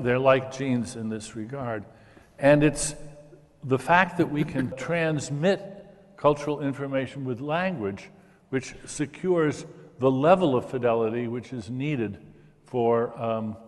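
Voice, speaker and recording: An older man explains ideas with enthusiasm in a conversational discussion, stammering a little on restarts. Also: mid-range voice. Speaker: discussion guest. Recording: reverberant hall.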